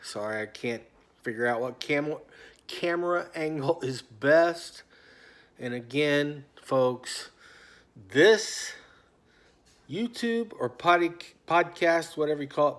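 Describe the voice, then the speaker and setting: A man in a rambling, casual rant to his phone camera at home, often stopping himself and trailing off into quiet mutters. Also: on the high side, expressive, measured pace. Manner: talkative, self-interrupting, drifts off into quiet mutters. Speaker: vlogger. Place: at home on a couch.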